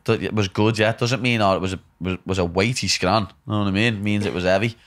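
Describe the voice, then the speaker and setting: A man's voice: on the low side, fairly even intonation, quick pace, fairly bright tone. A man with a Liverpool Scouse accent hosting a podcast, chatting casually in loose slang, rambling and playful. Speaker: podcast host. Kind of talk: casual chat.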